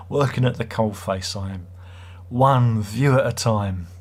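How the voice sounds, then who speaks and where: A man's voice: fairly low pitch, slow. A middle-aged man hosts a livestream, chatting casually and reading viewer comments in a sarcastic, rambling way. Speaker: livestream host.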